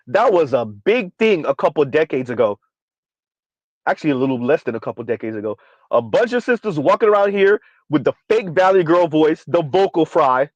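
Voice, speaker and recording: Exasperated high-voiced man ranting. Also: no echo, dull audio. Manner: sardonic, exasperated, repetitive emphasis. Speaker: commentary vlogger. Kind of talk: ranting commentary.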